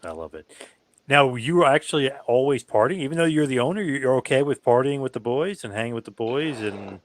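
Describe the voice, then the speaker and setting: Lively man reacting as interviewer. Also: mid-range voice, brisk. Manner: reacts with laughs and short remarks.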